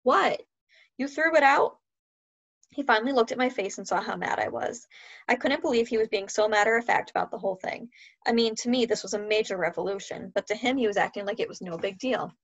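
A woman reading a children's novel aloud in a steady, clear storytelling voice. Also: mid-range voice, quick pace. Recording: dull lo-fi sound.

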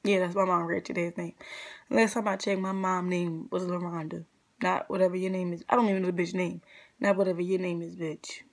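A woman's voice: on the low side, level tone, brisk. A young adult woman vlogger telling a casual storytime rant, blunt, profane and exasperated, full of slang.

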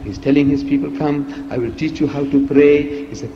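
A man giving an emphatic public lecture, asking rhetorical questions with a lively, teasing delivery, heard on an archive recording. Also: mid-range voice, moderate pace, hardly any pauses, slight background noise. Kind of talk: public lecture played in a reaction video. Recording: echoey hall, dull lo-fi archive recording.

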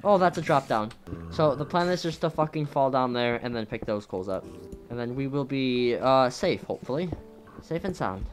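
A gameplay commentator talking over their own play, jumpy and quick to swear, yelping at every scare. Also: mid-range voice, faint music behind.

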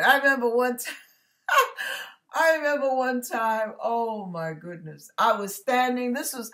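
Animated woman preaching. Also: mid-range voice. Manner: animated storytelling with asides to listeners. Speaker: online minister. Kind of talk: preaching monologue.

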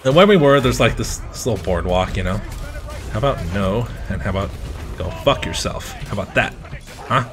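A man playing a video game and commenting as he plays, swearing and shouting at the game, then rambling through a story. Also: lowish voice, moderate pace, over music. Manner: profane, excitable outbursts at the game; chatty, rambling anecdotes. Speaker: gamer.

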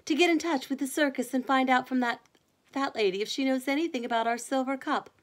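A woman doing a brisk, bright mother. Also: high-pitched, pitched above the performer's own voice, lightly acted. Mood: emphatic.

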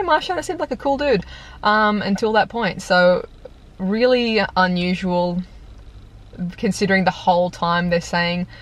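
A young woman casually reviewing a film, chatty and exasperated, filling her talk with "like" and laughing now and then. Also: on the low side. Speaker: video reviewer. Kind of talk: casual movie review rant. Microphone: compact camera on tripod.

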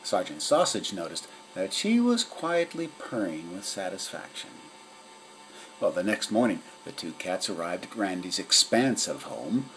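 Low, lively male storyteller. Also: unhurried, a little hiss or hum, rough recording. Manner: expressive storytelling. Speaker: narrator. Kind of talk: storybook reading.

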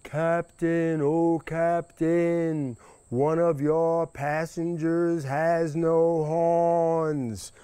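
A man's voice: little pitch movement, slow, few pauses, mellow, clear, resonant tone, dry recording. A man voicing a small, clever rabbit in a folktale, calling out in a raised, pleading voice. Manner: high, pleading calls.

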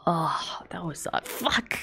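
Breathy whispering woman, sudden shrieks. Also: low-pitched, unhurried, faint music behind. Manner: soft whispering broken by shrieks and swearing. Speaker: streamer. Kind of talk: whispered ASMR stream. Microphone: desktop USB mic.

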